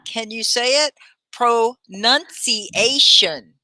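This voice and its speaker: A woman teaching English on a live stream, her voice bright and fairly low-pitched for a woman. She praises learners warmly by name and draws words out slowly so they can repeat them. The sound is dry, with almost no room echo. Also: lively intonation. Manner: models words slowly, syllable by syllable.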